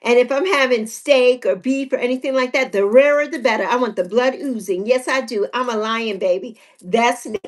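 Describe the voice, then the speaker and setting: A woman's voice: on the high side, moderate pace, hardly any pauses. A woman in her sixties hosting a casual livestream chat, chatty and repetitive, reading out viewer comments and laughing often. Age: 60s. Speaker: livestream host.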